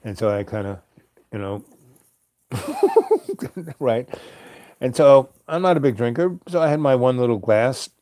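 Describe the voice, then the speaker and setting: A man hosting a show, telling a meandering late-night story with many fillers and soft chuckles. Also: mid-range voice, wildly swooping pitch, measured pace, long pauses, no room sound, studio quality. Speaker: host.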